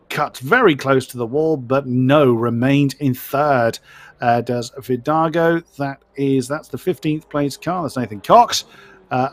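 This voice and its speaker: A man giving live commentary on a sim race. He is chatty and self-deprecating and stumbles over driver names. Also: medium pitch.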